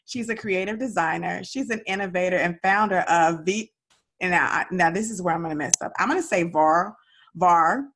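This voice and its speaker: A woman's voice: lowish voice, brisk, a bit bright. A woman with a Southern Dallas accent hosting a podcast, talking in an upbeat, chatty way. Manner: upbeat, chatty, lots of y'all and girl. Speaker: podcast host. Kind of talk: casual podcast chat.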